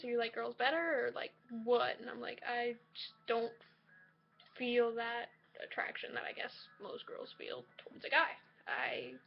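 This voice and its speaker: A young woman with a fairly high voice talks casually to her camera from a shared dorm room, hesitant and full of restarts. The home-video sound is a bit muffled, with a faint hiss underneath. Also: vocal fry. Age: young adult. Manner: chatty, hesitant, many likes and restarts. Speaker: college student vlogger. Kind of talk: casual personal storytelling.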